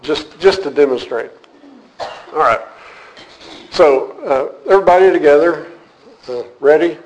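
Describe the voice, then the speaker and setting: In poor audio, a man with a fairly high voice speaks unhurriedly while teaching a church class. His casual sermon to a live group starts off joking and relaxed, then grows earnest as he explains a point.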